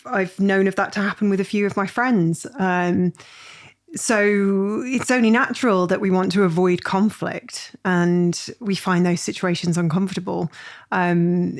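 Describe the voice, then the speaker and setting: A woman hosting a podcast, chatting in a lively way and telling a personal story with plenty of fillers. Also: mid-range voice, moderate pace. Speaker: podcast host. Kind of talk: podcast interview conversation.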